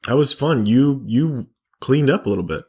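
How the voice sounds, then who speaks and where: A man co-hosting a sports podcast, easygoing and quick with short reactions. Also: mid-range voice, a little mellow, husky. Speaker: podcast co-host. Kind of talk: casual sports chat.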